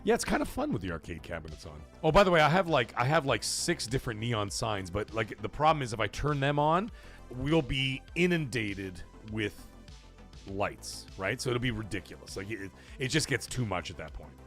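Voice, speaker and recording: Gravelly-voiced man hosting a livestream. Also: mid-range voice, sing-song, moderate pace, a bit bright, soft background music. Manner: rambling, profane, reads chat aloud, laughs often. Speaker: livestream host. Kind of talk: casual livestream chat. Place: home game room with arcade cabinets.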